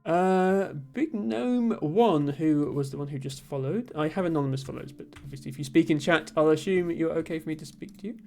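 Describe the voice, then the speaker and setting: Brisk and barely pausing, the woman talks in a deep, slightly mellow voice over faint music. Hailing from Somerset, she has a generic, somewhat posh southern English accent and casually streams puzzle-solving, rambling, thinking out loud and reading chat aloud.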